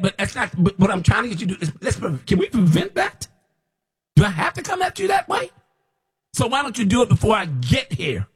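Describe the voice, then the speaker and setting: A fiery man preaching straight at his listeners in a loose, unscripted sermon. His voice sits a little high and has a husky grain. He scolds, circles back and repeats lines to drive them home. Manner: scolding, impassioned, repeats himself. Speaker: self-described prophet.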